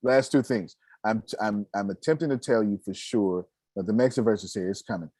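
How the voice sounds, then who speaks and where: A man hosting a casual chat, talking in an animated way, often laughing and poking fun at himself. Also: lowish voice, fairly quick, dry recording. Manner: animated, laughing, self-mocking. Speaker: host.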